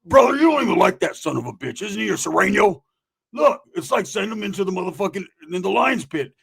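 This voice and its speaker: A man voicing his reckless, excitable young friend, slangy and pleading in a comedy story. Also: high-pitched, quick pace, creaky, slightly rough, pitched above the performer's own voice, heavily acted. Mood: persuasive. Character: reckless hyped-up young male homie.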